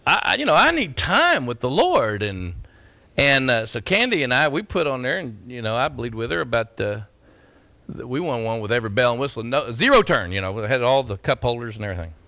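Man, folksy sermon storyteller, loud bursts and quiet asides, dry close mic, slightly muffled. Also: medium pitch, sing-song, brisk, no room sound. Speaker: preacher. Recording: dull lo-fi sound.

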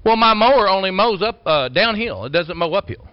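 A man preaching a folksy storytelling sermon, swinging from loud bursts to quiet asides. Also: high-pitched, animated, a little fast, dry recording. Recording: dull lo-fi sound.

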